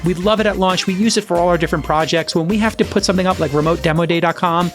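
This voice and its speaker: A man's voice: high-pitched, racing, soft background music. A man hosting a podcast, chatting casually and jokingly, then reading an upbeat ad. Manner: animated, jokey, salesy in ad reads. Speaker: podcast host. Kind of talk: casual chat and host-read ad.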